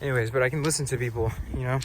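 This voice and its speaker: A man speaking slowly and softly in a reflective spiritual vlog, recorded outdoors. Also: mid-range voice, fairly even intonation, slight background noise. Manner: slow, soft, dreamy and reflective. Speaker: vlogger.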